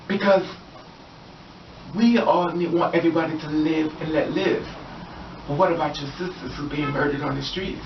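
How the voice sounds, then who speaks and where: Emphatic woman storyteller, muffled sound with steady noise behind her. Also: deep voice. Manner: earnest and emphatic, with repeated phrases. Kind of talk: impassioned spoken monologue. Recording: distant echoey dull noisy recording.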